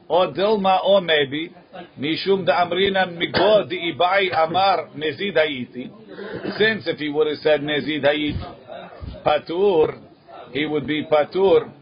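A man with a fairly high voice is teaching a Talmud class. He acts out each side of the case, keeps asking "right?" and calls on students by name. The recording is dull and lo-fi.

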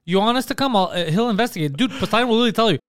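A man's voice: sits high, animated, very fast, a bit bright. A man, a comedian, in casual podcast chat, teasing and joking with crude humor. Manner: joking, profane, teasing banter.

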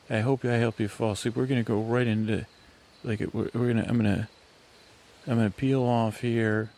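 A man whispers his way through a rambling sleep podcast, his low voice gravelly with fry. He meanders and cuts himself off as he walks outdoors at night, with crickets chirping behind him. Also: darkish tone, a little hiss or hum. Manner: whispering, meandering and self-interrupting.

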